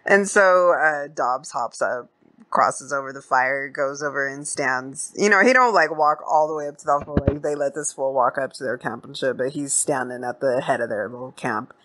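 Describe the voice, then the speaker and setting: A woman hosting a podcast, recapping an old film in animated, slangy, profane storytelling. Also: extremely low pitch, normal speed, no room sound. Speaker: podcast host. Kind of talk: casual movie recap.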